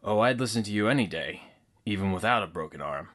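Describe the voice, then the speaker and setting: A man voicing a smooth, flirtatious male antiques dealer in an audiobook, easygoing and teasing. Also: lowish voice, expressive, quick pace, a bit bright. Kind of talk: audiobook character acting.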